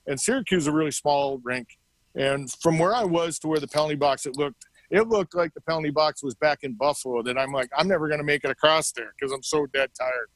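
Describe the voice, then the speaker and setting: A man's voice: a little high, no room sound, low-quality recording. A middle-aged man telling stories casually as an interview guest, acting out the dialogue as he goes. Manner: animated storyteller acting out quoted dialogue. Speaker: interview guest, former hockey player. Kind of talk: casual storytelling.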